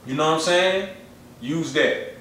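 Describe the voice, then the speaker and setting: Slangy dude rambling on a podcast, far from the mic, super echoey room. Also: male voice, a little high, measured pace, fairly bright tone, slight background noise. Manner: slangy, rambling, repeats himself. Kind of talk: casual chat.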